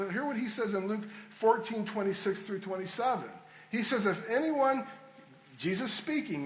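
High-pitched guy preaching, earnest, lots of repeats, roomy echo. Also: a bit bright. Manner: earnest, conversational preaching with repeated phrases for emphasis. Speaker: pastor. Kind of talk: sermon.

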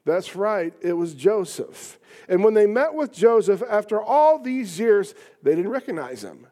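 Pastor, male, high-pitched, emphatic sermon delivery with rising rhetorical peaks. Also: big pitch swings, a little slow. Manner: emphatic, rhetorical questions, rising to near shouts.

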